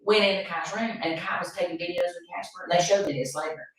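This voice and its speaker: A woman's voice: fairly low pitch, fairly even intonation, fast. A middle-aged woman from Appalachian North Carolina hosting a podcast, talking earnestly and repeating herself for emphasis. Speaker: podcast host. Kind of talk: emotional casual conversation. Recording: echoey room, far from the mic.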